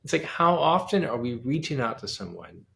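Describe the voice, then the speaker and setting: Gravelly-voiced man telling an animated story. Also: medium pitch, normal speed. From United States. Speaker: guest pianist and composer. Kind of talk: storytelling in a casual interview.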